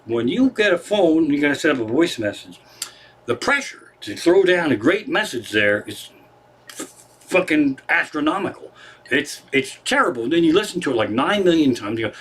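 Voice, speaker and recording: A man's voice: fairly high pitch, slightly rough. A man doing a rambling, profane stand-up monologue from his living room on a livestream. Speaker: comedian.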